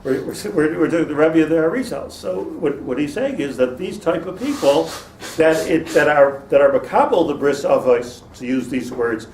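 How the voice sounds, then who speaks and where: A man's voice: on the high side, lively intonation, moderate pace, darkish tone. A man, a rabbi, giving an informal Torah lecture to a class, digressing, restarting sentences and laughing at his own jokes. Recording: roomy, distant mic with faint noise.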